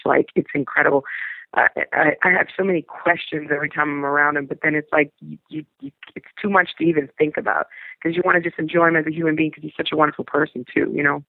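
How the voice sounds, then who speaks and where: Gravelly New woman over a phone line. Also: low-pitched, no room sound. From New Orleans, USA. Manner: rambling and searching for words, with many trailing restarts. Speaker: actor. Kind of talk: interview storytelling. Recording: tinny dry phone-line sound.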